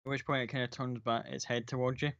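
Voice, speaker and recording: A man narrating a tabletop role-playing game as game master, in a casual, descriptive way, loose and full of filler words. His voice sits at an ordinary middle pitch, recorded dry and close. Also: flat delivery, quick pace, fairly bright tone, dry recording, muffled recording.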